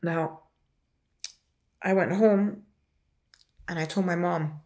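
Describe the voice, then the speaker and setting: A woman's voice: on the low side, steady tone, slow pace, darkish tone. A woman in her twenties casually telling a personal story in a rambling way, full of "like" and restarts, and emotional as she retells it. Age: 20s. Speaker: interviewee sharing a personal story.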